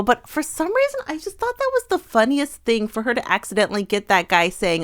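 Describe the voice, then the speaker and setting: A chatty woman co-hosting a casual talk show, retelling clips with bursts of laughter. Her voice is smooth and clear, recorded close and dry with no room sound. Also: high-pitched, very animated, fairly quick, few pauses, dry recording. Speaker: co-host. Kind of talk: casual chat.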